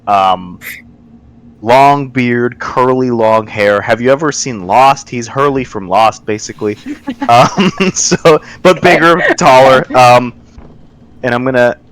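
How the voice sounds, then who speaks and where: A man's voice: medium pitch, a bit bright, no room sound. Casual, hesitant man at a game table. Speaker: player. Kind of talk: casual chat.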